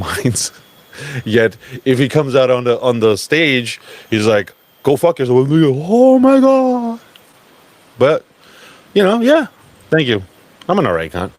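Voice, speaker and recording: A man giving a blunt, profane, animated live talk at a crypto event. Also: on the low side.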